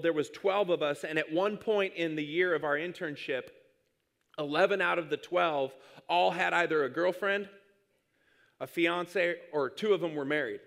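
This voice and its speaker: A man's voice: high voice, creaky, a bit bright. A man in his thirties preaching a sermon, telling a funny story and acting out his own whiny prayers. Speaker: pastor.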